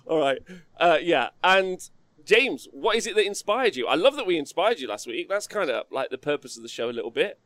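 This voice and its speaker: Man host, casual chat, playful teasing, high and animated, dry close mic. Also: a little fast, no room sound. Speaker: podcast host.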